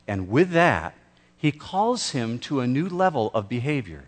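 A man preaching a sermon as pastor, slow and emphatic, with dramatic pauses. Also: medium pitch, very animated.

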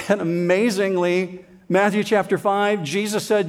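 A man's voice: a little high, expressive, measured pace. A male pastor delivering a sermon, conversational yet strongly emphatic, leaning hard on key words.

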